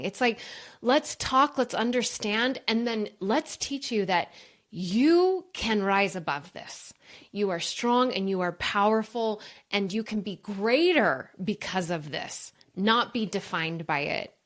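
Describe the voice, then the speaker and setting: A woman's voice: medium pitch, slow pace, fairly bright tone. A woman guest on a podcast interview, telling a personal story in an earnest, emphatic way. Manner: earnest, emphatic, addresses listeners as "you guys". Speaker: guest, brain coach.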